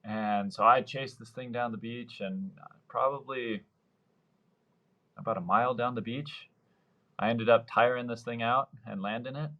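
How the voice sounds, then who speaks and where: A man's voice: medium pitch, unhurried, muffled recording. Man in his thirties, rambling storyteller. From Mexico, Baja California Sur. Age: 30s. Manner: rambling anecdotes, acts out quoted voices. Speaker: surf fishing guide. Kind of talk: casual interview storytelling.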